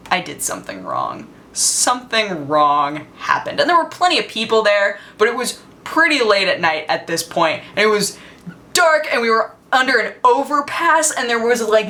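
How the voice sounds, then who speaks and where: A woman's voice: fairly high pitch, pushed and bright, slight background noise. A woman vlogger telling a story in a chatty, casual way, with lots of fillers and frequent laughter.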